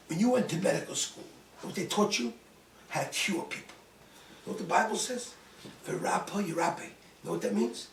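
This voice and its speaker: A man's voice: high voice, fairly quick, vocal fry, a little hiss or hum. A man, a rabbi, telling a personal story in a dramatic way, quoting himself with force. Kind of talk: storytelling talk. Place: event hall. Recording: distant mic in an echoey room.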